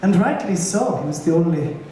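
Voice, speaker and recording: A man's voice: a little high, lively intonation, fairly quick, slight background noise, natural voice. A man playing a brash, campy glam rock drag diva who teases her band and audience in live stage musical banter. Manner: camp, sardonic, teasing the band and audience. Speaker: stage show frontwoman. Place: large theater stage. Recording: echoey live theater from far off with loud audience.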